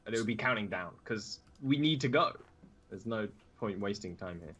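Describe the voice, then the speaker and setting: A man's voice: on the low side, lively intonation, a bit bright, slight background noise. Hesitant man playing a tabletop game. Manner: hesitant, halting with fillers. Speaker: player. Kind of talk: casual tabletop play. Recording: dull, muffled mic.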